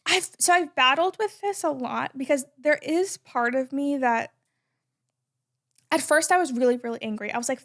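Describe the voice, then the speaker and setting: A woman in her twenties, a podcast guest talking in a loud, emphatic, chatty way with many "like"s. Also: sits high, moderate pace. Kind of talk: casual conversation.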